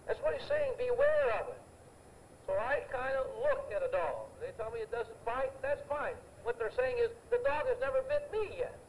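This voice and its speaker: A man's voice: very high-pitched, big pitch swings, normal speed, a little hiss or hum, poor audio. An older man preaching a sermon, emphatic and anecdotal, repeating phrases for effect.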